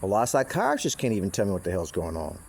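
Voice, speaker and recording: Low-voiced man rambling profanely. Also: very animated, quick pace, vocal fry, slight background noise. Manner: profane, meandering, with frequent restarts and asides. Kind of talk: rambling casual monologue.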